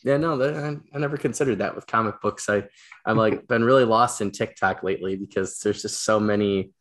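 A man hosting an interview, rambling excitedly with lots of fillers as he tells stories. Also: fairly low pitch, a little fast. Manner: rambling, animated storytelling with many fillers. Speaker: podcast host, teacher and coach. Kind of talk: casual interview chat.

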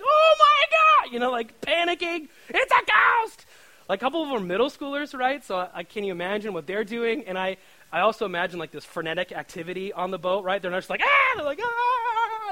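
A high, bright male voice delivering a sermon. He preaches in a loose, chatty way, full of "like" and "right?", and acts out voices. His delivery stays lively and animated.

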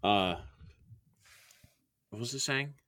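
A man's voice: mid-range voice, slow pace, bright, forceful tone, no room sound, clean studio sound. A young man chatting casually, blunt and profane, with an exasperated edge. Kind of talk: casual chat.

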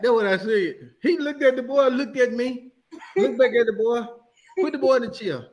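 A man, a barber, swapping shop stories in a casual group chat, laughing and often dropping into a murmur. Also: normal speed. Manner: laughing, drops to a low murmur. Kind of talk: casual storytelling.

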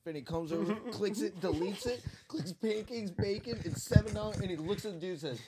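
A young man telling animated work stories among friends, often laughing as he goes. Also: sits high, a little fast, hardly any pauses, over a noisy crowd. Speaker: former restaurant worker. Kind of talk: casual storytelling among friends.

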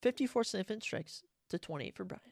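Male podcast host, casual and opinionated, keeps correcting himself, slight fry in the voice. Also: sits high, expressive, fast, darkish tone, no room sound, studio quality. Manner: rambling, opinionated, self-correcting. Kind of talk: casual solo sports recap.

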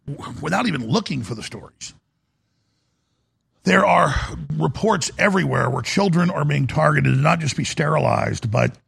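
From a studio, a man hosts a live broadcast, delivering a rambling monologue of commentary full of restarts and sudden emphatic rises. His medium-pitched voice is gravelly and husky yet fairly bright, with no echo.

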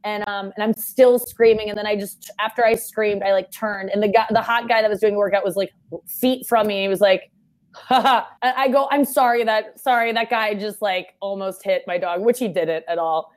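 A young woman in casual chat, telling a story fast and animatedly and shouting out the quoted lines. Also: medium pitch, steady tone.

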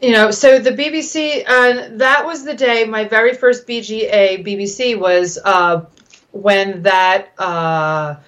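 A woman, a regular guest on a talk show, chatting candidly and telling lively stories. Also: takes it slowly. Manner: animated storyteller, swoops high when excited. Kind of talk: candid casual chat.

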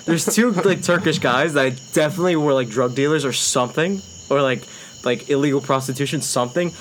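A man's voice: a little high, a bit bright. A young man telling a long, swear-filled story in casual chat, often laughing and acting out what people said. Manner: laughs often, heavy swearing, acts out quotes. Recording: faint background noise.

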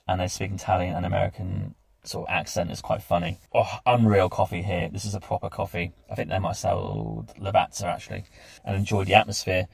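Gravelly low-voiced man recounting travels. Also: no room sound. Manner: chatty, enthusiastic recounting with lists. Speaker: travel podcast host. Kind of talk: casual travel diary narration.

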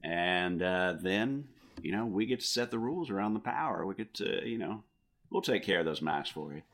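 Man, low voice, playful, conspiratorial, tabletop role-play. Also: lively intonation, moderate pace, fairly bright tone. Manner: playful, conspiratorial, laughs often. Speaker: player.

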